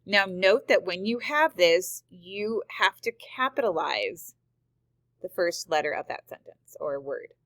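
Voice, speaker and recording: A woman's voice: fairly low pitch, animated, measured pace, a bit bright, no echo. A woman teacher explaining punctuation rules step by step, reading example sentences aloud. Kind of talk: screen-recorded grammar lesson.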